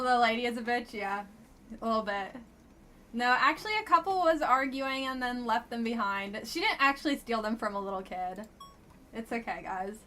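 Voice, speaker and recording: A woman's voice: fairly high pitch, bright, forceful tone, a little hiss or hum. A woman streamer casually commenting on a dating game she plays live, with a blunt, wry and chatty manner.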